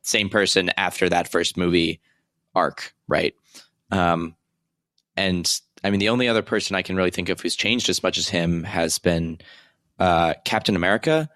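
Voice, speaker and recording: A young man co-hosting a podcast, chatting about a movie in a hesitant, halting way. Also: sits low, a bit bright, dry recording, clean studio sound. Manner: hesitant, halting, frequent fillers. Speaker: podcast co-host. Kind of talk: casual movie review chat.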